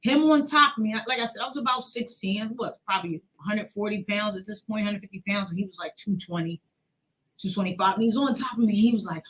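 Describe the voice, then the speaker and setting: A woman's voice: mid-range voice, a little fast, a bit bright. A woman in her forties, hosting a show, telling a personal story with emotion and acting out the voices in it. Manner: emotional, acts out quoted voices. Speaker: host.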